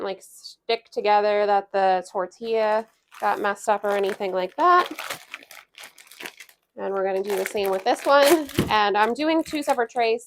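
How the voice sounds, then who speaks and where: A woman in her thirties talks through dinner prep in her home kitchen, chatty and relaxed with small laughs and fillers. Her voice sits at a middling pitch, easy and unforced. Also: a little hiss or hum. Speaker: homestead cooking vlogger. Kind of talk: casual cooking vlog narration.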